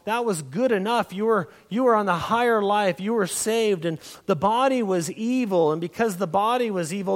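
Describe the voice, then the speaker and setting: Emphatic high-voiced male preacher, echoing hall. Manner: emphatic preaching, slowing and rising for stress. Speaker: pastor. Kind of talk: sermon.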